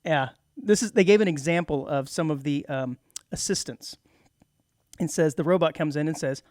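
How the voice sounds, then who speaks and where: A man's voice: on the high side, moderate pace, a little mellow, no echo, studio quality. A man co-hosting a community radio talk show, chatting casually, laughing often and acting out the voices he quotes. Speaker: co-host.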